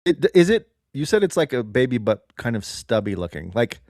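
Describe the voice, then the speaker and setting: A man co-hosting a casual comedy podcast, wry and deadpan as he picks apart a story. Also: mid-range voice, moderate pace, dry recording, clean studio sound. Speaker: podcast co-host.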